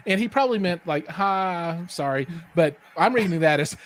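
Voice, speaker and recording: Man, slightly higher voice, chatty livestream co-host, animated storyteller who acts out what people said, lots of "um" and "you know". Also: fast talker, hardly any pauses, very noisy. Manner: animated storyteller, acts out quotes, many fillers. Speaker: podcast co-host. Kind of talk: casual live-stream chat.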